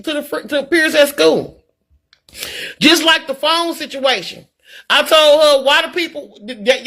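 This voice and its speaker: Livestreamer woman, middle-aged, earnest and preachy, bright tense voice, stumbles over repeated words. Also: sits high. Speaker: livestreamer reading viewer comments. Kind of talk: candid live-stream talk.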